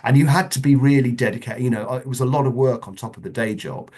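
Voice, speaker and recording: A middle-aged man, a guest in a casual interview, telling anecdotes in a chatty way with lively asides. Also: medium pitch, fast. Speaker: interview guest, former children's TV producer.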